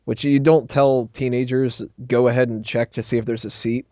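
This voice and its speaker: A young man hosting a podcast roundtable, telling a story in an animated, laughing way and swearing freely. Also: mid-range voice, normal speed, no echo. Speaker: podcast host. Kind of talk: casual roundtable chat. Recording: slightly muffled podcast audio.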